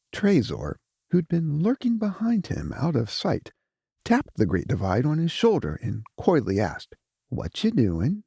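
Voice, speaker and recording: A man narrating a fantasy audiobook in an expressive, measured storytelling manner. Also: medium pitch, breathy edge, dry recording, clean studio sound.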